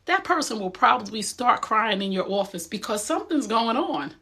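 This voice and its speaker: Bright-voiced New woman, emphatic. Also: a little high, animated, normal speed, breathy edge. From Essex County, New Jersey. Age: middle-aged. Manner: direct and emphatic, streetwise. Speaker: host. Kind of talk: motivational talk.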